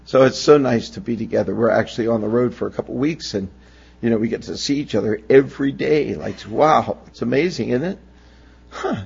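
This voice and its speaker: A man's voice: medium pitch, brisk, creaky, darkish tone, slightly rough, dull audio. A pastor in his sixties from Pennsylvania, preaching a sermon with folksy, humorous storytelling. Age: 60s.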